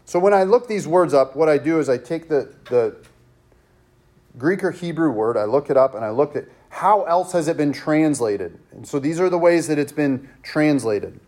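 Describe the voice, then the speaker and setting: A man's voice: a little high, animated, normal speed, a little mellow. A man as pastor preaching a sermon with an emphatic, repetitive cadence.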